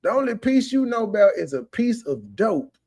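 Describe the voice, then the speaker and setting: Streamer, male, high-pitched, sarcastic and profane, running commentary that roasts its subject. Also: very animated, moderate pace, a little mellow. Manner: mimics others in a mocking voice. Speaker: commentary streamer reacting to a clip. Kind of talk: casual mocking commentary.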